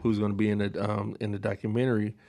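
A man's voice: fairly low pitch, level tone, fast, mellow. A man from Mississippi, a guest on a chat show, laid-back and self-deprecating. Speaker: guest, radio director. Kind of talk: casual studio chat.

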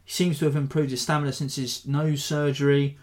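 A man's voice: a little high, a little fast. Rambling male fight-podcast host. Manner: rambling, animated, self-deprecating. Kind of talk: casual fight analysis.

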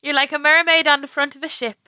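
A woman's voice: high voice, little pitch movement, fast, pushed and bright, no room sound. A woman co-hosting a comedic podcast over a video call, wry and self-mocking, often breaking into giggles. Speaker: podcast co-host.

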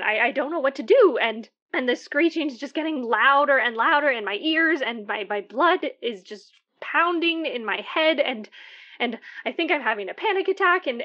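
An actress playing a shaken woman caller who tells her story in a halting, stammering way, repeating words nervously. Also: sits high, fairly bright tone. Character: shaken woman caller recounting a night terror. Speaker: caller to a radio show. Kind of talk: audio drama monologue. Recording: dull lo-fi sound.

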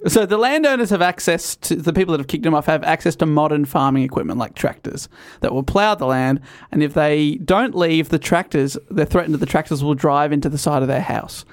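A man's voice: a little high, a little fast, hardly any pauses, dry recording, studio quality. A man co-hosting a casual book chat, often laughing as he retells the plot. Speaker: book podcast co-host.

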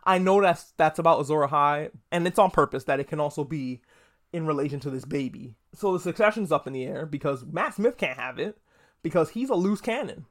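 Guy doing a solo podcast review, kinda high voice, swears a lot and rambles. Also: animated, fairly quick, fairly bright tone. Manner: profane, rambling, jokey asides. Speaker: podcast host reviewing a TV episode.

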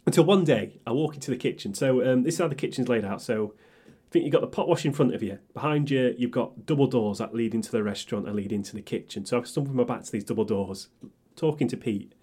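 Brief: young man, podcast co-host, slightly husky, lively sweary anecdotes. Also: mid-range voice, quick pace. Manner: animated, swears freely, acts out quotes. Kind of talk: casual storytelling chat.

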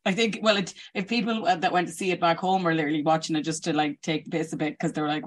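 An Irish interviewer chats casually with a guest, throwing in quick quoted asides. The voice sits in a middle range. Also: medium pitch, expressive.

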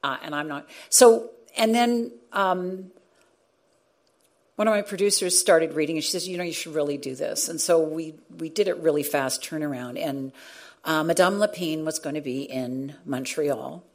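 Middle-aged woman, radio journalist, earnest storytelling, slightly low pitch, frequent restarts. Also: moderate pace. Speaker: radio journalist and former show host. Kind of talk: reflective storytelling in a conversation.

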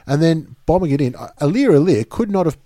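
A man's voice: fairly high pitch, expressive, fast, dark tone, dry recording. Australian man talking football, dry close sound. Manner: laughs often, mimics players in quotes. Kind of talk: casual sports chat.

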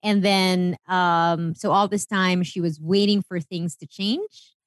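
A woman's voice: on the low side, steady tone, slow, no echo, clean studio sound. A woman with a Filipino accent co-hosting a casual gossip podcast, slipping between English and Tagalog and laughing often. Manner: Taglish code-switching, chatty, laughs often. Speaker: podcast co-host. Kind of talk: casual celebrity gossip chat.

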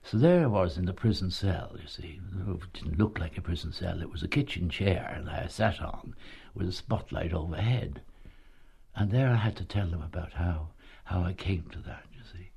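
Older male raconteur, low gravelly raspy voice, chuckly "you see" storyteller. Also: animated, moderate pace, a little mellow. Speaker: retired actor recalling touring days. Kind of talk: anecdotal storytelling.

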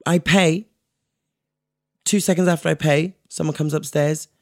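Animated man telling a story. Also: fairly high pitch, measured pace, no echo, studio quality. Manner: animated, acts out the other people's voices in his stories. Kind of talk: casual storytelling chat.

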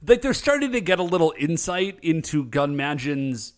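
A man co-hosting a casual chat, retelling a show with lively voiced quotes. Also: fairly high pitch. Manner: animated storytelling with quick voiced quotes. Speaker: podcast co-host recapping a show.

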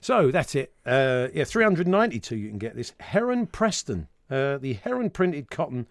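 Lively, teasing radio host. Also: male voice, medium pitch, normal speed, no room sound. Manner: chatty storyteller, lively and teasing. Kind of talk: casual podcast banter.

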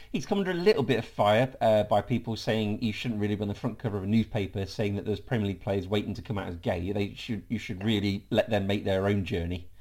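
A man hosting a football podcast, reading a brisk rundown of fixtures and news with dry jokes. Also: medium pitch. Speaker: podcast host.

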